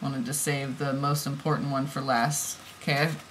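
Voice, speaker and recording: A woman giving an oracle card reading, musing softly and then bursting into heated, swearing rants. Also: a bass voice, level tone, moderate pace, slight background noise. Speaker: tarot reader.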